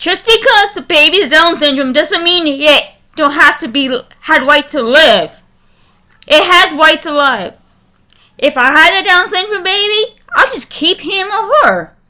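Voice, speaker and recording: A woman ranting in a vlog, furious and halting, often breaking off and restarting her sentences. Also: high voice, animated, pushed and bright. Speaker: vlogger.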